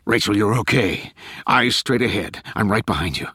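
A man voicing a steady, protective man in danger in an audiobook, firm and reassuring. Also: fairly low pitch, moderate pace, breathy edge, dry recording, clean studio sound. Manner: firm and reassuring, shouting orders.

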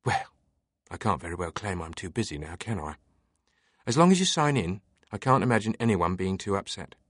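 A man's voice: sits low, animated, fairly quick, a bit bright, no echo, clean studio sound. A man voicing a cheerful, erudite British woman librarian with a fluid voice, talking in a chatty, teasing way. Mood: helpful. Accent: British (put on for the figure). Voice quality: pleasingly fluid voice. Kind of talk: audiobook character voice.

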